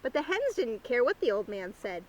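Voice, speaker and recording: High, lively woman reading a story. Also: moderate pace, slight background noise, rough recording. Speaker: youth librarian. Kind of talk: reading a picture book aloud. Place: outdoor garden.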